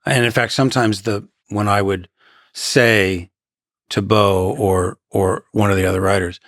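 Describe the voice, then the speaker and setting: A man's voice: on the low side, fairly even intonation, a little slow, a bit bright, dry recording, clean studio sound. A man in his sixties, a guest actor in a conversational interview, reflective and given to anecdotes.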